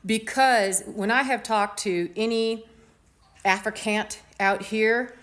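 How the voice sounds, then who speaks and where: A woman's voice: medium pitch, steady tone, slow pace, a bit bright. Blunt, rambling American woman commentator. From United States. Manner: emphatic, blunt, rambling with many fillers and restarts. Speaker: show host. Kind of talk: opinionated commentary monologue.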